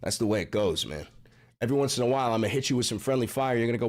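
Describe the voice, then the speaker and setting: A man hosting a political livestream, ranting loudly in a profane, mocking and combative way. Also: mid-range voice, animated, rapid-fire. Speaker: livestream host.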